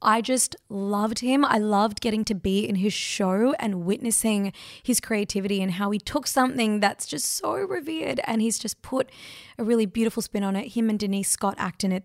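A chatty woman in her thirties hosts her own podcast, answering listener questions in a loose, heartfelt way with lots of fillers and asides. Her voice sits at a middle pitch and sounds dry and close to the mic, with no room behind it. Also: no echo. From Australia. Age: 30s. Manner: chatty, emotional, quick asides and many fillers. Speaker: podcast host. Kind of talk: casual solo chat answering listener questions. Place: sitting on a couch at home.

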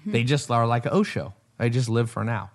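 A man's voice: medium pitch, sing-song, normal speed. Male podcast host, casual and rambling, acts out quotes mid-story. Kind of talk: casual chat.

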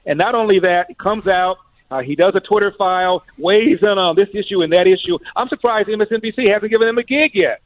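A man's voice: high voice, a little fast, no echo. A man calling in as a guest commentator, sardonic and chuckling as he talks. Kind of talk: talk show commentary. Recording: tinny phone line.

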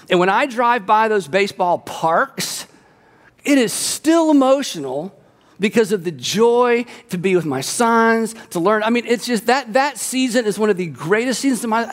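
A middle-aged man, a pastor, preaching a sermon in a chatty storytelling way with jokey asides. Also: high voice. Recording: long hall reverb.

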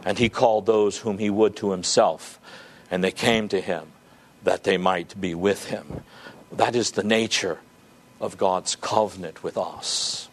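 A man's voice: sits low, steady tone, a little slow. A male pastor preaching a sermon, earnest and stretching key words for emphasis.

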